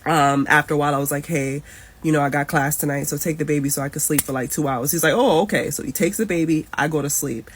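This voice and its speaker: A woman's voice: low voice, fast talker, a little hiss or hum. A woman in her thirties telling an emotional personal story in a casual storytime. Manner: emotional, animated retelling.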